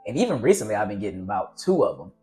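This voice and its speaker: A man's voice: on the low side, very animated, very fast, a little mellow, faint music behind. A man vlogging casual, earnest advice on fatherhood, rambling and encouraging as he talks to his viewers. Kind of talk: casual advice talk to camera.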